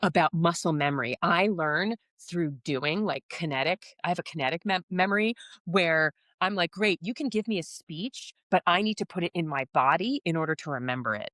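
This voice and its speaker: A woman actor chatting casually in an interview, animated and laughing often as she quotes herself. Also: fairly low pitch, moderate pace, dry recording, clean studio sound. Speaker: actor in a stage musical.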